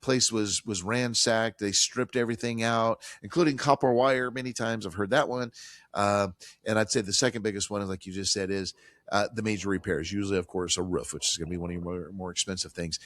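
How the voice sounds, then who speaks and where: A man with a very low, deep voice hosts a financial talk show. He keeps it conversational and animated, slipping into quoted voices as he walks through the scenarios. The sound is dry and close, with no room echo at all. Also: fairly quick. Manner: animated, acts out landlord and tenant quotes. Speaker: radio show host.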